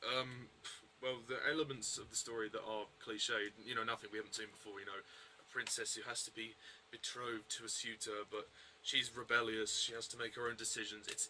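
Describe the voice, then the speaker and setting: Man, very bright and sharp tone, casual film review, rambling with lots of ums, faint background noise. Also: mid-range voice, poor audio. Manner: rambling, hesitant, many fillers and restarts.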